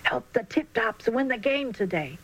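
A woman voicing a gruff, scheming young boy bully in a children's storybook reading. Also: a little high, lively intonation, moderate pace, pitched above the performer's own voice, low-quality recording. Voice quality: gruff, whispering.

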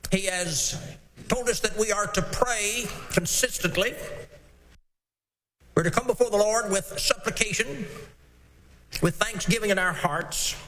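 A man preaching a sermon, reading scripture slowly and stressing single words. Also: sits high, sharp tone. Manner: measured, emphatic scripture reading. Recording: long hall reverb.

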